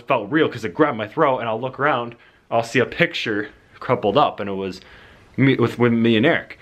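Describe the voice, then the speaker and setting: Rambling young guy pitching a movie. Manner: excitable, full of "like" and restarts. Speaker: vlogger pitching his film idea. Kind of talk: casual rambling storytelling.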